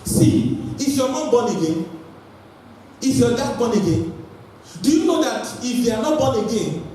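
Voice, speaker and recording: Animated male preacher in an echoey hall. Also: high-pitched. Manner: energetic, call-and-response with congregation. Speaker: pastor. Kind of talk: sermon. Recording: echoey hall, voice from far off, faint noise.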